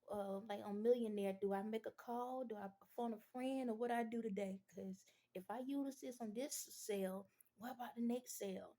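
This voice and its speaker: A woman in casual talk to camera, speaking with a slightly high voice. Her tone is mellow and soft-edged. She tells stories animatedly, breaking into little acted-out pitches and customers. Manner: informal, exclamations to the Lord. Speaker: vlogger.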